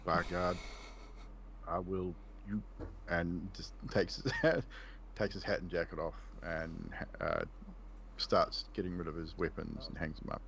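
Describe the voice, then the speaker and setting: Guy playing a tabletop game, low gravelly voice, laughs a lot. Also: moderate pace, fairly bright tone, a little hiss or hum. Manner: laughing, describing actions. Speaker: player. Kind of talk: casual tabletop play.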